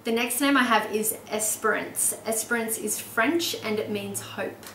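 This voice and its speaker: A woman's voice: medium pitch, fairly bright tone, echoey room, distant mic, slight background noise, rough recording. An Australian woman talking casually and enthusiastically in a vlog, often laughing as she explains things. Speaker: baby name vlogger.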